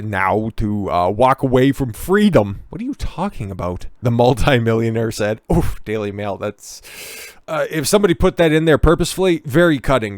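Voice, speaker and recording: A man's voice: on the low side, dry recording, clean studio sound. Sarcastic, profane male commentator. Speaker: online commentator. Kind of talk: ranting commentary video.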